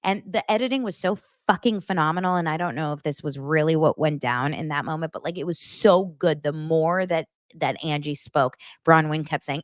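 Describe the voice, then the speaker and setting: A woman's voice: low-pitched, normal speed, no room sound, studio quality. A woman hosting a podcast, chatting casually and expressively as she recaps reality TV and acts out the cast's lines. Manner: gossipy and expressive, acts out quotes. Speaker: podcast host.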